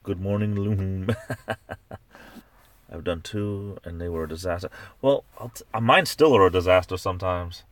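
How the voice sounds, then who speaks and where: A man with a Northeastern US accent, edging toward New York, chats loosely on a live stream and reads viewer comments aloud. His voice sits very low. He talks from inside a parked car. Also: moderate pace, no room sound. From Northeastern United States. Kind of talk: casual live stream chat.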